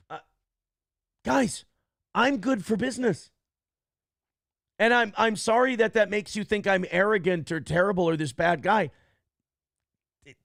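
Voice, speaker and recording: Male talk show host, combative and boastful, gravelly voice, dry close sound. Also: high-pitched, dry recording. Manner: boastful and combative, lecturing the audience. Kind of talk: livestream talk show monologue and reading super chats.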